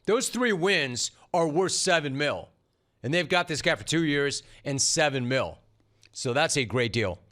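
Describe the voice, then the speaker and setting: Sarcastic sports radio guy, bright sharp voice, riffs hard and fast. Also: fairly high pitch, lively intonation. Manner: sarcastic, punchy riffing. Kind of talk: sports talk monologue.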